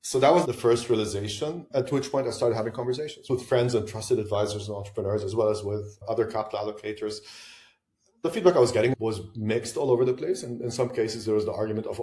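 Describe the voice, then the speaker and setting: A man from Lebanon with a low, warm, mellow voice answers a podcast host's questions in a relaxed, reflective way. He thinks aloud, adds asides and restarts his sentences. The room around him is noticeably roomy and echoey. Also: fast. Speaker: podcast guest, venture investor. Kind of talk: conversational interview answers. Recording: roomy echo.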